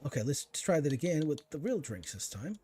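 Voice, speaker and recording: A man's voice: fairly high pitch, sing-song, brisk, warm tone, faint music behind. A man giving casual let's-play commentary, chatting to himself and teasing enemies as he plays. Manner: chatty, talks to himself and to enemies while playing. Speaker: gaming streamer.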